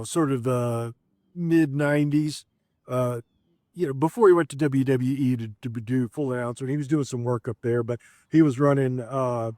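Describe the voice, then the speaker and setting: A middle-aged man spins long, rambling stories in a relaxed, chatty way, often stopping on "uh" and starting his sentences over. His voice sits in an ordinary middle pitch. The sound is close and dry, with no room echo. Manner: rambling, full of "uh" fillers and restarts. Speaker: former pro wrestler telling stories. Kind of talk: casual storytelling.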